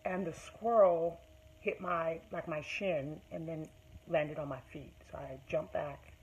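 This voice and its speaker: A woman's voice: low voice, steady tone, a little slow, a little mellow, slightly rough, low-quality recording. A woman vlogger telling a personal story straight to her viewers, emphatic and repeating phrases as she makes her point. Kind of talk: storytime monologue to camera.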